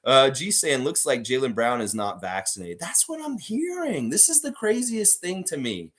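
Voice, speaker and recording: A young man from Canada hosting a casual livestream from his home room, reading chat comments and telling stories in an animated, profane way. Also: moderate pace. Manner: acts out quotes in a high exaggerated voice. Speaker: livestream host. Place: home room where he works.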